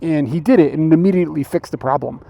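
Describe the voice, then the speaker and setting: A man's voice: a little high, fast, vocal fry, dark tone. A man streaming live outdoors on a city street, telling a story in a laid-back, chatty way and laughing often. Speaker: IRL streamer. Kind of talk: casual storytelling on a walk.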